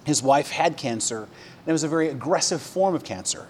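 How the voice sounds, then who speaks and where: Animated man preaching a sermon. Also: fairly high pitch, brisk, slight background noise. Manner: conversational preaching with fillers, swinging from hushed to emphatic. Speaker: pastor.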